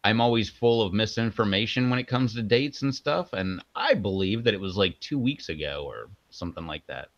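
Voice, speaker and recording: A man's voice: fairly low pitch, animated, moderate pace, hardly any pauses, no room sound. A man co-hosting a casual live stream, rambling and joking as he hypes up his co-host. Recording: dull lo-fi sound.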